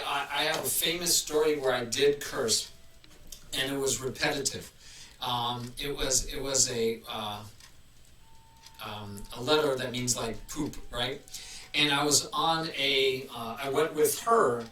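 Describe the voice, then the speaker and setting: A man's voice: medium pitch, bright, forceful tone. A man hosting a casual live stream, chatting in a rambling way and restarting his sentences often. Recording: roomy, mic at a distance.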